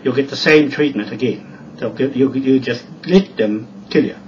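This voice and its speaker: A man's voice: medium pitch, moderate pace, darkish tone, recorded from a distance, highs cut off, slight background noise. A man giving a rambling, repetitive video monologue full of warnings. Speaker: video blogger.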